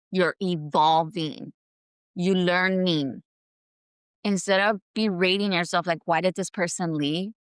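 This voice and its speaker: A woman's voice: lowish voice, fairly bright tone, clean tone, no room sound, clean studio sound. A woman hosting her own show, delivering an earnest motivational self-help monologue from home and repeating affirmations for emphasis. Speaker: podcast host. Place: at home, indoors.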